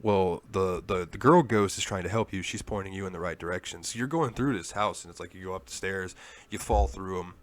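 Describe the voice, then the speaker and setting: A man's voice: low voice, brisk, few pauses. A man co-hosting a gaming podcast, telling a long story in casual chat and swearing freely. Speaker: podcast co-host.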